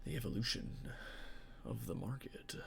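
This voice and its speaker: Laid-back swearing game master. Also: male voice, lowish voice, moderate pace, vocal fry, slight background noise. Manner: rambling, profane, full of fillers. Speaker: game master streamer chatting with viewers. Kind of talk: casual stream chat.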